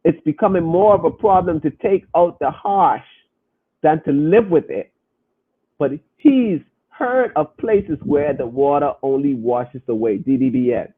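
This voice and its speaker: A man's voice: on the high side, unhurried, slightly rough. A man hosting a podcast in casual talk to his listeners, speaking emphatically and repeating phrases as he makes his point. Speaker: podcast host. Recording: tinny phone-line sound.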